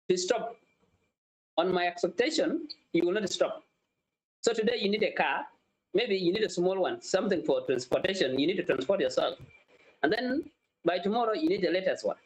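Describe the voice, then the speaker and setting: A man's voice: high voice, rough recording. A man from South Sudan hosting a podcast, telling a moral parable and acting out the characters' lines in his own voice. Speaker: podcast host. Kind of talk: storytelling podcast talk.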